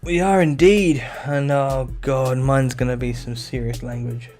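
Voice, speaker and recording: A man's voice: mid-range voice, a little slow, soft background music. A man with a mixed English and Australian accent co-hosting a casual gaming podcast, bantering playfully. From England. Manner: lively, laughing, playful banter. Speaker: podcast co-host.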